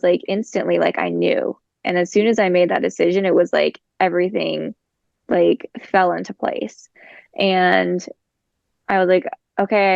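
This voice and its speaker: A woman's voice: on the low side, vocal fry, darkish tone, no echo. A woman guest telling a personal story in casual conversation, chatty and full of fillers. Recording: dull lo-fi recording.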